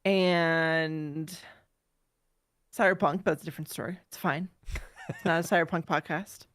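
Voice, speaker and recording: A woman's voice: sits low, steady tone, normal speed, a bit bright. Chatty woman with a cold, rambling. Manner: chatty, rambling storyteller who laughs at her own mishaps. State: has a cold. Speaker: podcast co-host. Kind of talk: casual chat.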